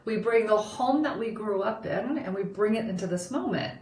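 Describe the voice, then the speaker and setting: A woman's voice: medium pitch, normal speed. A woman in her forties, co-hosting a podcast, telling a candid personal story and acting out the voices in it. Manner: expressive, acts out quoted dialogue. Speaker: podcast co-host. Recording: roomy, distant mic with background noise.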